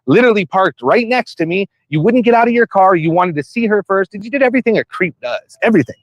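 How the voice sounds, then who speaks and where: A man with a high-pitched voice hammers away in a heated confrontation. He talks at a rapid clip, accusing and relentless. The sound is dry and close. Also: lively intonation, no room sound, lo-fi sound. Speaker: stream host confronting a suspect.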